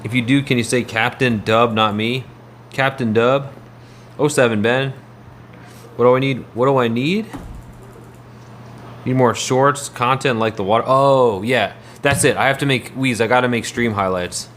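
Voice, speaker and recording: A man's voice: medium pitch, fairly even intonation, moderate pace, a bit bright, a little hiss or hum. A man livestreaming, chatting casually in a rambling way and answering his viewers' messages.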